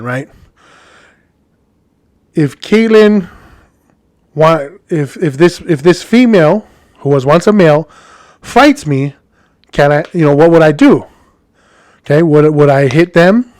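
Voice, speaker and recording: A man's voice: on the high side, no echo, clean studio sound. A man with a Hawaiian accent telling a story as a podcast host, in a rambling, chatty monologue addressed to his listeners.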